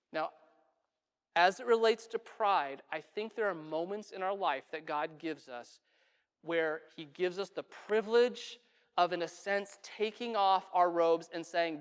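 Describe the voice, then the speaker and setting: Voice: mid-range voice, measured pace, clear, resonant tone. A pastor preaching a sermon in a conversational way, asking the congregation questions and adding asides. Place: church sanctuary. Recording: long church reverb.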